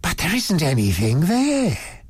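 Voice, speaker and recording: A man doing a fussy elderly gentleman, raised voice. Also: a little high, wildly swooping pitch, takes it slowly, slightly rough, no room sound, voice pushed up, heavily acted. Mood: wondering. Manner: faltering, wondering.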